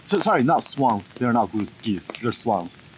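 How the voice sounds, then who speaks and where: A man's voice: mid-range voice, sing-song, a little slow, low-quality recording. A man vlogging a walk around town with friends, chatting casually and rambling with lots of fillers. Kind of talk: casual chat. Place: busy city streets outdoors. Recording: loud street noise behind. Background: loud street ambience.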